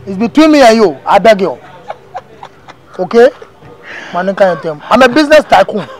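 Opete, a bragging student. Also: male voice, sits high, big pitch swings, normal speed. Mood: boastful. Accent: Ghanaian pidgin English. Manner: bragging, pleading. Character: boastful young male engineering student. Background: afrobeat music.

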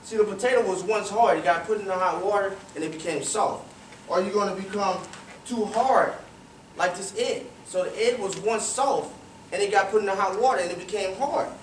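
A high-voiced man, guest speaking at a youth cricket academy, gives a brisk, interactive motivational storytelling talk, asking the audience questions and repeating phrases for emphasis. He's in an echoey room, and the recording is roomy and distant with faint ambience and a little hiss or hum.

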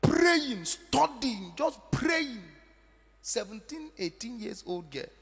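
A man preaching with fervour, his voice pitched high and swooping widely between hushed lines and sudden shouts. He takes his time, leaning on words in a sing-song way, and the sound rings with the long reverb of a church hall. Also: big pitch swings, takes it slowly, vocal fry, breathy edge. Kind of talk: sermon.

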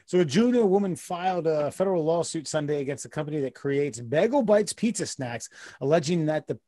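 A man's voice: on the high side, mellow, no room sound. A man co-hosting a comedy podcast, reading a news story aloud and breaking into crude joking asides. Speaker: podcast co-host. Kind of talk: casual comedic podcast chat.

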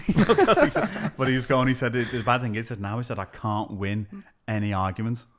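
On a relaxed podcast, the Liverpool comedian with his Scouse accent speaks fairly quickly in a mid-range voice. His storytelling is animated, and he acts out the conversations he describes.

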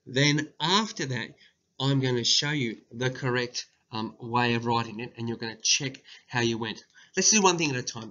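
A man, a primary school teacher giving a slow, deliberate dictation lesson and calling out the punctuation. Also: medium pitch, sharp tone. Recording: dull lo-fi recording.

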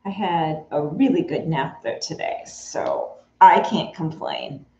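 A woman's voice: deep voice, slow pace, a little mellow. A woman hosting a live sewing stream from her home studio, chatting casually and greeting viewers by name. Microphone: camera mic in the room. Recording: roomy, slightly dull sound.

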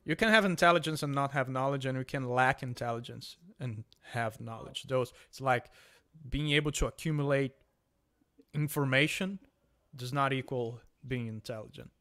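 A man's voice: mid-range voice, normal speed, fairly bright tone. A man in casual podcast chat, reasoning aloud and repeating words as he goes.

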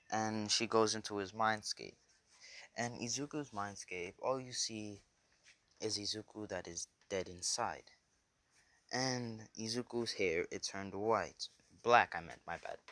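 A man's voice: lowish voice, a bit bright. A man casually narrating a fan-made story, rambling and correcting himself as he goes.

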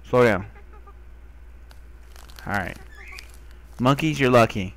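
A young man doing casual game commentary, talking to the animals he finds and getting excited by them. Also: medium pitch, normal speed, long pauses. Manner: talks to animals, excitable, squeals when delighted. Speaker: gamer. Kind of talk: casual let's play commentary.

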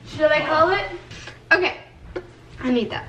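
A woman's voice: sits high, measured pace, a little hiss or hum. A young woman vlogger chatting playfully while cooking breakfast at home, with singsong asides. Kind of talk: casual cooking vlog chat. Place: home kitchen. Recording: loud clattering of dishes and pans.

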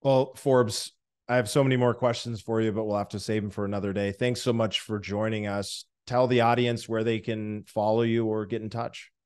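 A man's voice: lowish voice, level tone, normal speed, clear, resonant tone. A man hosting an interview podcast, asking his guest questions in a conversational way. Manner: conversational, winds up the segment. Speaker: podcast host.

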